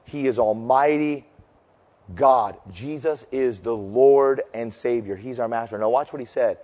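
Recorded in a large hall, a pastor in his 50s delivers a sermon with loud storytelling and shouted punchlines, sinking low and slow to make his point.

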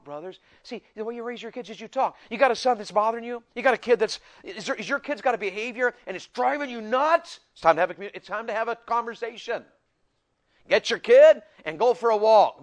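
A middle-aged man preaching a sermon to men, swinging between loud and soft and acting out voices. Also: high voice.

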